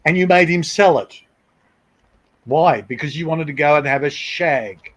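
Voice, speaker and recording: A man's voice: on the high side, unhurried, muffled recording. A middle-aged man, chatting on a live stream in a blunt, crude, mocking way. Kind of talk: casual chat.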